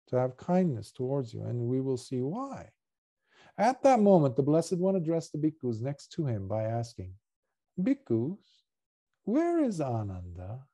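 A monk guides listeners through a scripture in a deep, mellow voice. He speaks reflectively, pausing often with small fillers as he explains each passage. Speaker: Buddhist monk teacher. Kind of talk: sutta study talk.

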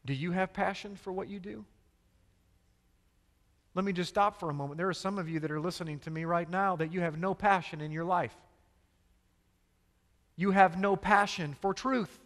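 A man's voice: high voice, fairly even intonation, moderate pace, long pauses, fairly bright tone, big-room sound. A man preaching a sermon as pastor, emphatic and full of rhetorical questions to the congregation.

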